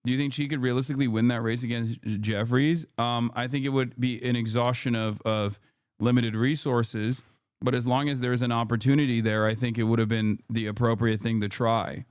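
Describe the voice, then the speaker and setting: A man's voice: medium pitch, level tone, a little fast, smooth, no echo, studio quality. A man streaming, commenting on news clips in a casual, sarcastic way.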